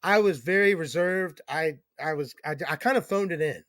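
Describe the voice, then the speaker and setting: A man's voice: a little high, moderate pace, fairly bright tone, no room sound, studio quality. A man co-hosting a casual wrestling podcast, ranting sarcastically and swearing a lot. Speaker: podcast co-host.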